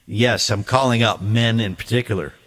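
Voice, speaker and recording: A man's voice: on the low side, moderate pace, fairly bright tone. A man speaking a blunt, emphatic ranting monologue to his viewer as a video creator.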